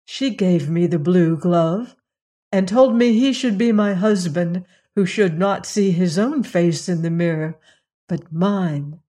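A woman voicing a young princess, earnest and tender, speaking gently in old-fashioned words. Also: on the low side, takes it slowly. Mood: warm. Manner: gentle, questioning, archaic speech.

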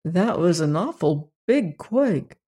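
A cheery young farm boy chats along in an unhurried, easygoing way, as the audiobook reader puts him on. His voice sits a little above the narration. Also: medium pitch, big pitch swings, warm tone, husky, exaggerated voice. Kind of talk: audiobook character reading.

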